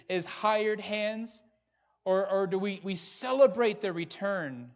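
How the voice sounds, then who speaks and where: A man preaching a sermon as pastor, earnest and pressing his listeners with rhetorical questions. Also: high-pitched. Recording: dull lo-fi recording.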